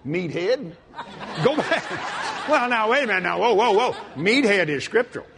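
A man preaching a sermon in a folksy, animated way, breaking into shouts and laughter. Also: high-pitched, normal speed, vocal fry, crowd noise, noisy background. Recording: long hall reverb.

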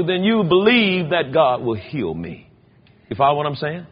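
A man preaching a sermon, telling stories in an animated way with big swings in pitch. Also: moderate pace, breathy edge. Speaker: pastor. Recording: dull lo-fi sound.

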